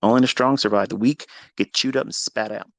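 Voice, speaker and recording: A man's voice: on the low side, steady tone, brisk, gravelly, a bit bright, no echo. A man coaching traders in a blunt, profane motivational monologue. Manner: profane, emphatic, preachy. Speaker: trading coach.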